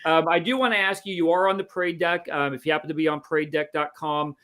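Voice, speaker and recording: A man's voice: a little high, steady tone, quick pace, a bit bright. Hesitant man asking friendly questions. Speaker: interviewer, Marine veteran. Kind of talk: casual interview chat.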